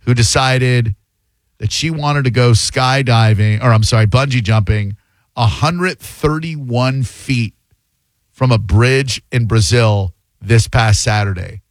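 A man's voice: mid-range voice, dry recording. Male radio host, brash and joking, dry studio sound. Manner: brash, joking, fast bursts. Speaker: radio talk show host. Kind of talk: casual call-in radio chat.

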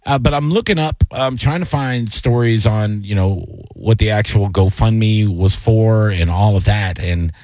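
A man co-hosting a casual chat, telling stories in a rambling, animated way with many fillers. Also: fairly low pitch, a little slow, hardly any pauses, no room sound, studio quality. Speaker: co-host, comedian.

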